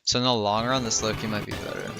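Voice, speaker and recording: A man's voice: on the low side, steady tone, fast talker, vocal fry. A tired young man streaming a game, thinking aloud in a rambling way with lots of fillers. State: tired and yawning. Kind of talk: casual gameplay livestream chat. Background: game music.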